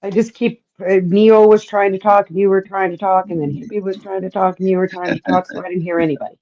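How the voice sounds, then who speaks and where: A woman's voice: mid-range voice, fairly even intonation, fast, warm tone, dry recording. Matter-of-fact woman on a dull call line. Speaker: call-in guest. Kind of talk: casual livestream chat.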